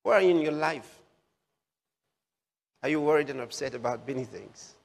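A man preaching with a fairly high voice, leaning on slow, emphatic repeats of key phrases. His words ring out with a long reverb, as in a large hall. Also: vocal fry. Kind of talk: sermon.

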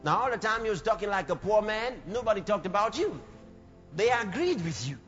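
High-voiced fervent male preacher in reverberant hall. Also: big pitch swings, fairly quick. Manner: fervent, shouting peaks, acts out quoted people. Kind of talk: sermon. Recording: reverberant hall, dull sound, music behind.

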